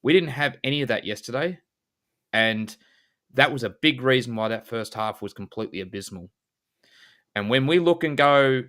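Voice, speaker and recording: A man co-hosting a football podcast, giving frank, measured analysis in a casual style. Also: mid-range voice, a bit bright. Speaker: podcast co-host.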